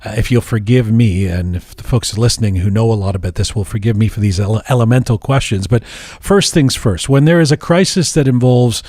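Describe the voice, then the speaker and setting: A man hosting a podcast interview, reading a measured introduction and then asking questions in an earnest way, with some restarts. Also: fairly low pitch, mellow, no room sound, studio quality. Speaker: podcast host.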